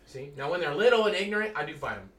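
A man, a Christian teacher, telling stories in a casual, animated way and acting out the voices of the people in them. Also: a little high, fast, reverberant, far from the mic. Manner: animated, acts out quoted voices. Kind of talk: casual storytelling talk.

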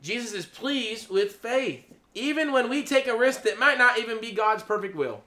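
A man preaching an informal sermon, excitable, laughing, then dropping to a hushed, awed tone. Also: extremely high pitch, normal speed.

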